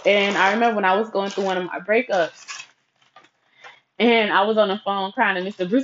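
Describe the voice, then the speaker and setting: A woman's voice: mid-range voice, fairly even intonation, fairly quick, long pauses, fairly bright tone, slight background noise. A woman casually telling a personal story, chatty and profane, with asides to her listeners. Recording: dull lo-fi recording.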